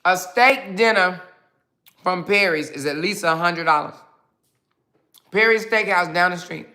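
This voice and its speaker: A woman's voice: on the low side, measured pace, bright, forceful tone. A woman hosting a casual livestream who reads out viewer comments, snacks as she talks, and answers back in a sassy, mocking way. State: snacking while talking. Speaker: livestream host.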